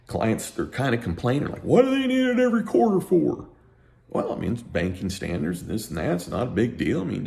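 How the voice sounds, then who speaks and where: Middle-aged accountant, animated rant to camera, lively swinging delivery with a deep voice, running on little sleep. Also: male voice, gravelly. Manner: emphatic, ranting, animated. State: sleep-deprived. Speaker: accountant and tax educator. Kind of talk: heated unscripted talk to camera.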